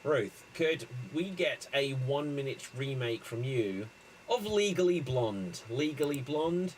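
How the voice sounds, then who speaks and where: A man hosting an improv comedy show, breezy and jokey with quick asides. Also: mid-range voice, animated, a little mellow, slight background noise, rough recording.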